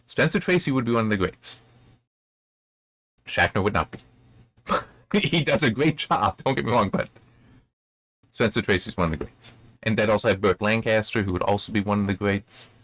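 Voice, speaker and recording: Male reviewer, lowish voice, loose rambling delivery, dry close sound. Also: moderate pace, long pauses, a bit bright, no room sound. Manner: rambling, thinking aloud. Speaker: book reviewer. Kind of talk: casual commentary.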